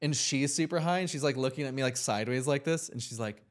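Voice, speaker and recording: A man's voice: medium pitch, fast talker, smooth. Rambling earnest young man telling a story. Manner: rambling, heavy use of "like", earnest and reflective. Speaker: podcast co-host. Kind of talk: casual storytelling.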